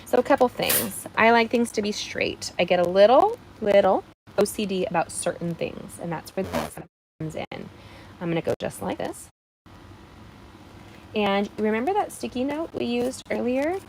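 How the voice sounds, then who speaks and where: A woman's voice: mid-range voice, lively intonation, normal speed, vocal fry, noisy background. A woman hosting a live card-making stream, chatting in a bubbly way straight to her viewers as she demonstrates. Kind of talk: casual live craft demonstration.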